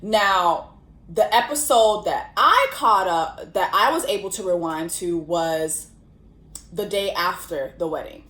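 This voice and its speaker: A young woman hosting a casual commentary vlog, telling the story in an animated, slangy way with lots of swearing. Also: fairly low pitch, takes it slowly. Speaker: host. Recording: roomy echo.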